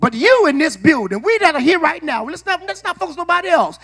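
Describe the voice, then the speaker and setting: A man preaching with a very high, bright, forceful voice. He works the congregation in call-and-response, repeats himself and restarts phrases, and climbs into shouting. He is in a church sanctuary. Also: sing-song, fast. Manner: repeats words and restarts often. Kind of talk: sermon.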